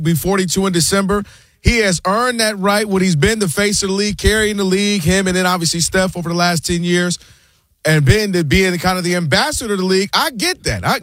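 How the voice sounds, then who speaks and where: A man's voice: high voice, fairly bright tone, no room sound, studio quality. A man co-hosting a sports talk show, making long, impassioned arguments and addressing his co-host by name. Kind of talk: animated sports debate.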